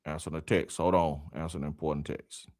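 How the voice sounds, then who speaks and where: A man's voice: a bass voice, a little fast, dry recording, clean studio sound. A man hosting a casual sports talk livestream, reading viewer comments in a loose, laughing way, dropping y'all and man. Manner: lively, laughing, Southern slang like y'all and man. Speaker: live stream host reading comments.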